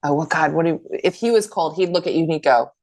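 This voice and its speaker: A woman's voice: sits low, lively intonation, fast, dark tone. A middle-aged woman co-hosting a casual podcast, laughing often and acting out quotes as she talks. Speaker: podcast co-host. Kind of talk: casual chat.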